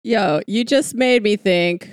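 Sarcastic woman with a smooth, clear voice. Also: mid-range voice, slow pace, no room sound, clean studio sound. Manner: sarcastic, profane, wry. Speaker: podcast co-host. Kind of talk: casual political chat.

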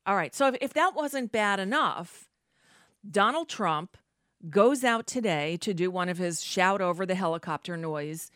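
A woman's voice: medium pitch, animated, a little slow, a bit bright, no room sound, clean studio sound. A woman hosting casual political commentary, sarcastic and rambling with many fillers.

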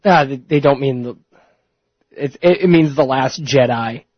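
A man's voice: mid-range voice, measured pace, no echo. A man co-hosting a radio show, joking and teasing in casual banter. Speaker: radio co-host. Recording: dull lo-fi radio broadcast.

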